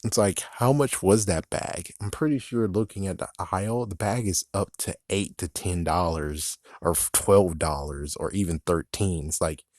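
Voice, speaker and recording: A man with a lowish voice gives a casual movie review that keeps turning into an exasperated rant. He swears freely and laughs at his own jokes. The recording is dry and close, with no room sound. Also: moderate pace, few pauses, a little mellow, no echo. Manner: profane, exasperated, laughs at himself.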